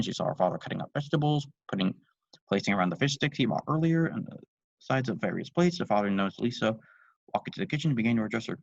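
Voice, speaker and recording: Gravelly man reading fanfic aloud. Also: lowish voice, animated, fast talker, no room sound. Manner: casual, irreverent, swears in asides. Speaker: youtube reader and reviewer. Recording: dry dull lo-fi home mic.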